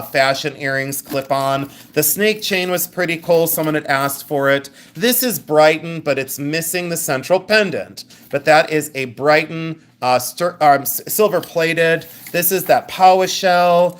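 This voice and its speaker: A woman hosting a live jewelry sale stream, chatting in a rambling way and thinking out loud as she shows each piece. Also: sits low. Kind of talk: live sales stream chat.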